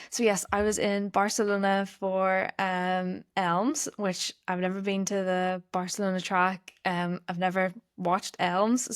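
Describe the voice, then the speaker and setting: A woman's voice: medium pitch, no echo, studio quality. A woman in her twenties co-hosting a podcast, cheerful and giggly with many ums. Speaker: podcast co-host, sports journalism student. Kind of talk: casual chat.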